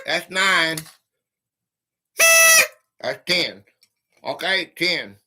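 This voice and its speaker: A man hosts a casual livestream, chatting with viewers by name and reading fortunes out to them. His voice is on the high side, expressive and sharp, and he speaks very slowly. There's slight background noise.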